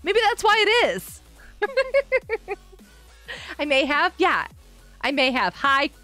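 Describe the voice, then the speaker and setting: A woman streamer chats through her game with a high, bouncing voice that swoops up and down, giggling often as she answers her viewers. Light music plays faintly behind her. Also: huge pitch swings, slow, pushed and bright. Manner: giggly, chatty, reading chat aloud. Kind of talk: live game stream chat.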